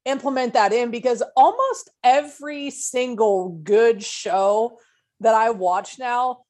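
A woman's voice: on the high side, expressive, slow, darkish tone. A woman co-hosting a casual podcast chat, frank and opinionated, swearing at times. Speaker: podcast co-host.

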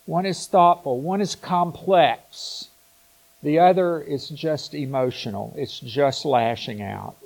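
Slow, reflective male preacher. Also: a little high, vocal fry, darkish tone, low-quality recording. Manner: slow, reflective, with frequent restarts and pauses. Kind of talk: sermon.

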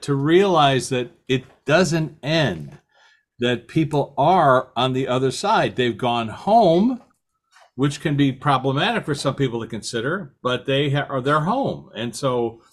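A man's voice: medium pitch, a bit bright. A man hosting a podcast, explaining ideas reflectively with many "you know" fillers. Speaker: podcast host. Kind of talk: casual podcast conversation.

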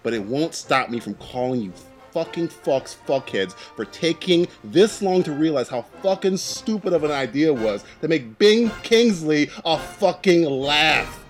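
A man on a film podcast fires off a profane, mock-angry rant. His voice sits a little high, with faint music underneath. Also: animated, measured pace, hardly any pauses. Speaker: podcast co-host. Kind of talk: ranting film podcast chat.

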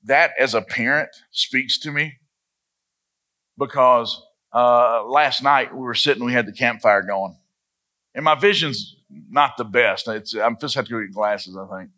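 A man in his forties preaches with a bright, husky voice. He tells a story from the pulpit and slips in quick voices for the people in it. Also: mid-range voice. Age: 40s. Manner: storytelling, acts out voices in anecdotes. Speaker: pastor. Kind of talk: sermon.

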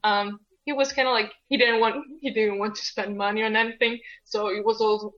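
A woman's voice: on the high side, lively intonation, a little fast, fairly bright tone. A young woman from Italy, casual and rambling, full of fillers and restarts. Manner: rambling, many fillers and restarts, laughs often. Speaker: guest co-host. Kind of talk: casual conversation. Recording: lo-fi dull audio.

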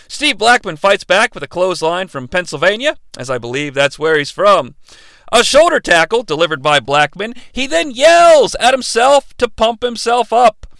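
A man's voice: high-pitched, animated, moderate pace, creaky, a bit bright, no room sound. A man hosting a podcast who recaps old wrestling matches in a casual, profane and sarcastic way. He speaks into a close studio mic. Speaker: podcast host.

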